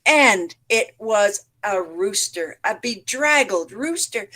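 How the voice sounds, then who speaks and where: Slow, animated woman telling a story. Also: medium pitch. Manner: animated, does animal sounds. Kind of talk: storytelling for teachers. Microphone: online session mic.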